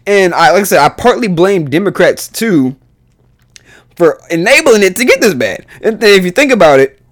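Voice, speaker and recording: Profane ranting man, lively pitch. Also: moderate pace. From United States. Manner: profane, exasperated, voice jumps up when heated. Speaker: podcast host. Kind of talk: solo podcast rant.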